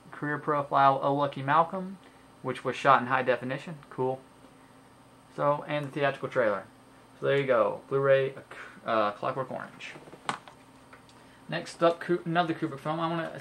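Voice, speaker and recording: A man's voice: medium pitch, fairly bright tone, a little hiss or hum. A young man talking casually about his purchases in a haul video, rambling and chatty, full of ums and uhs, and stumbling over names as he goes. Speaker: home video collector showing his purchases.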